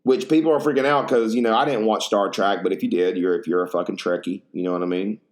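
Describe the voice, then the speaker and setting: A man's voice: on the low side, steady tone, fast. A man hosting a podcast in casual chat, rambling, profane and full of slang. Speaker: podcast host.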